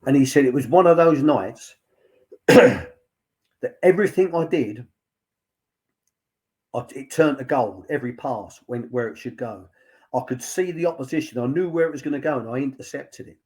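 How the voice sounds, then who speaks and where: An older man talks in a relaxed, anecdotal way. He rambles through stories full of "um" and "he said," with an even, mid-pitched voice. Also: moderate pace, pauses often. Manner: chatty storyteller, lots of "he said" and fillers. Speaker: former football academy director, guest. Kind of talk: anecdotal casual chat.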